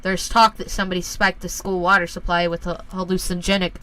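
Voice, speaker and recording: A woman voicing a stern middle-aged father who speaks gravely and deliberately, lecturing his son. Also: on the low side, level tone, pushed and bright, poor audio.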